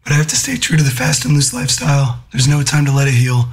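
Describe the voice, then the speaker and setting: A hoarse man who has lost his voice, leaving a playful, teasing recorded message for a radio show. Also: medium pitch, fairly even intonation, quick pace. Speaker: listener sending a voice message.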